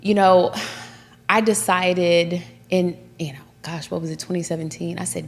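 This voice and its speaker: A middle-aged woman judge telling her story in a casual interview, emphatic and animated. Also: fairly low pitch, moderate pace, creaky, a little hiss or hum. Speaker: judge, podcast guest.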